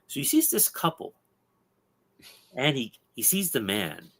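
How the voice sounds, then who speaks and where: Animated man retelling a comic. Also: medium pitch, measured pace. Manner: animated storyteller with tag questions. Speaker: podcast host.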